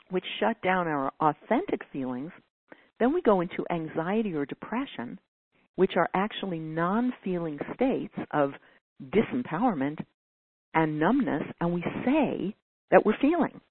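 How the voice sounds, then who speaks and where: A husky woman's voice, on the low side, comes across animated and a little slow. She's delivering a teaching talk, earnestly addressing a caller's question and sometimes acting out whiny quotes, captured in dry, phone-like audio.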